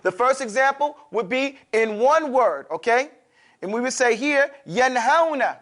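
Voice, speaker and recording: High-voiced man teaching a class. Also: animated, measured pace, a bit bright. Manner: drills pronunciation, checks in with "okay?". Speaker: Quran recitation teacher. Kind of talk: classroom lesson.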